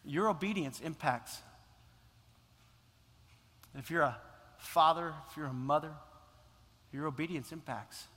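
A man's voice: fairly high pitch, a little slow, long pauses, pushed and bright, in a large hall. A male pastor preaching a sermon in a church, impassioned and repeating phrases for emphasis. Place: church sanctuary.

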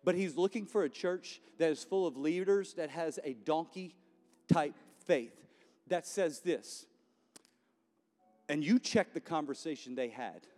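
A man's voice: a little high, unhurried, a little mellow, in a large hall. Impassioned male pastor preaching in chapel. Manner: impassioned, conversational, repeats key lines. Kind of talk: sermon.

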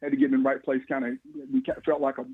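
A man, a former football player telling animated stories in an interview, chuckling often. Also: mid-range voice, racing, slightly rough, no room sound. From Georgia, USA. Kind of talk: storytelling interview. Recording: phone-like line, dry.

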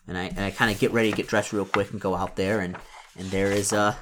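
Man, slightly low voice, narrating a solo tabletop game and dice rolls; halting, stop-start delivery. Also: little pitch movement, loud music behind the voice. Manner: halting, full of repetitions and restarts. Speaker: solo tabletop role-player.

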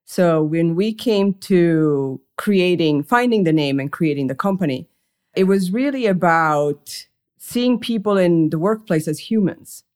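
A woman's voice: fairly low pitch, lively intonation, measured pace, darkish tone. A woman being interviewed as a podcast guest, explaining her company in a thoughtful, reflective way. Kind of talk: interview answers.

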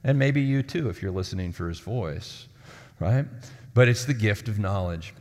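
A man's voice: fairly low pitch, animated, normal speed, a little mellow. A man preaching a sermon as lead pastor, talking in a conversational, storytelling way and acting out the people in his stories. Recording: long hall reverb.

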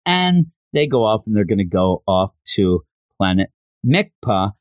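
A man's voice: fairly low pitch, big pitch swings, a little slow, dry recording. Brief: man, casual rambling recap, very dry close sound. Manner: enthusiastic, rambling. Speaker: show reviewer.

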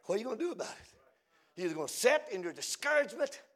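A man preaching a fiery revival sermon, swinging between shouted lines and hushed, low, drawn-out phrases. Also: sing-song.

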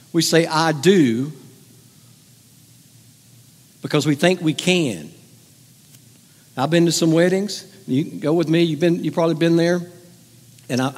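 Preacher guy joking around with the congregation mid-sermon, slightly high voice, big echoey church. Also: fairly even intonation, brisk. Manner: conversational and joking, teasing the congregation. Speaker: pastor.

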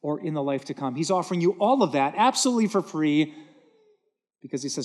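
A man's voice: on the high side, expressive, fast talker. A man preaching a sermon from a church stage, earnest and emphatic, repeating words for stress. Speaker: pastor.

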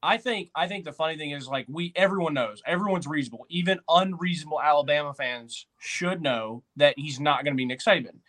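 A man hosting a casual sports podcast, telling stories in an excitable, rambling way. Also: on the high side. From Tennessee, USA. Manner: excitable storyteller, quick asides. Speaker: podcast host.

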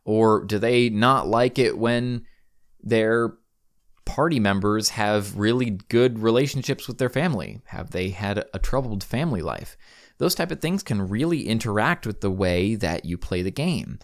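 Chatty low-voiced male podcast host. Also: expressive, unhurried. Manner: chatty and upbeat, casual slang, frequent ums. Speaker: podcast host and game master. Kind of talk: casual podcast monologue.

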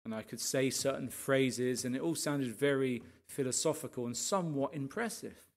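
A man, a pastor, giving a lively sermon testimony full of asides to his listeners and passionate outbursts. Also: medium pitch, normal speed. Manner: animated storytelling, rising to impassioned rants with frequent asides to the audience.

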